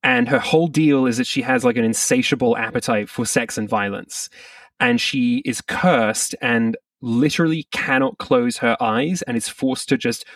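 A man's voice: mid-range voice, moderate pace, a bit bright, dry recording, far from the mic. A man co-hosting a film podcast in casual, jokey chat, who swears freely. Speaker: podcast co-host.

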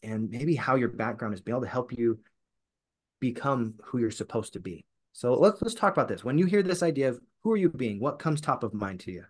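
A man's voice: mid-range voice, animated, fairly quick, darkish tone. A man hosting a podcast, asking his guest questions in an enthusiastic, admiring way. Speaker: podcast host. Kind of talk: interview chat.

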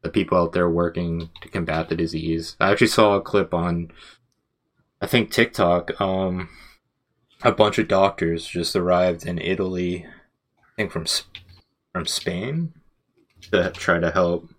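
A deep-voiced man co-hosting a podcast. He talks casually and meanders, piling up fillers and restarting his sentences often. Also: steady tone, measured pace, long pauses. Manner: rambling, filler-heavy, many self-corrections. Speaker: podcast co-host. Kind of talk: casual chat.

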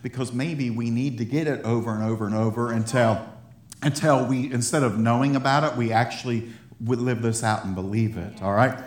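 A male pastor preaching a sermon in an animated way, laughing often and building up to excited emphasis. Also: mid-range voice, fairly quick. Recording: roomy echo of a hall.

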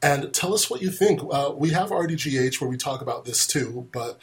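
A man's voice: mid-range voice, lively intonation, a little fast, slightly rough. A man co-hosting a casual podcast chat, plugging the show's social media to listeners. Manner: promotional, plugs social media. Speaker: podcast co-host.

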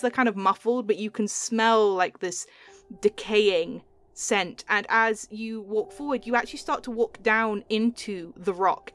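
A woman narrating as game master, describing scenes with lots of loose fillers. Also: mid-range voice. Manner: descriptive, with many "like" fillers and light laughs.

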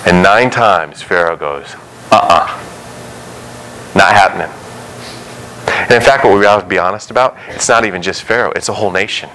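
A young man preaching a sermon in a low-ish voice, relaxed and conversational rather than grand. He slips into little acted-out quotes and back-and-forth dialogue as he talks. A faint room hum sits behind him. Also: fast, poor audio. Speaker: pastor.

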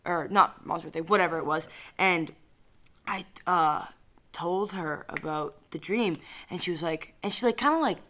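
Casting: young woman co-host, lowish but bright, sharp voice, animated, swears freely. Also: moderate pace. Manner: animated, profane, laughs easily, acts out quotes. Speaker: podcast co-host. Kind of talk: casual podcast chat, storytelling.

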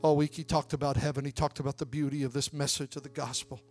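A young man preaching a sermon, telling a family story and then building to loud, shouted appeals. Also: mid-range voice, flat delivery, quick pace, soft background music.

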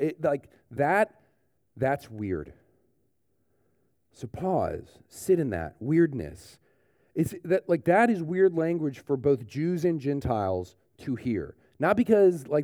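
A man preaching a sermon in a relaxed, conversational way, often dropping in "like" and "you know". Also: fairly high pitch, dry recording, studio quality. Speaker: pastor. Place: church.

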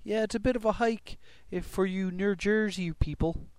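A man's voice: high-pitched, moderate pace, a little mellow, smooth, dry recording. A man hosting a comedy podcast, reading plugs in a jokey, rambling way and correcting himself. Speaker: podcast host. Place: live show with audience.

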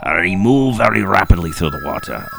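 A man doing a gravelly crusty old sea captain. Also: deep voice, animated, fairly quick, heavily acted. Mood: gruff. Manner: gruff pirate-like "arr" growls. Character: crusty old male sea captain reading his account. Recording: music bed playing loudly behind.

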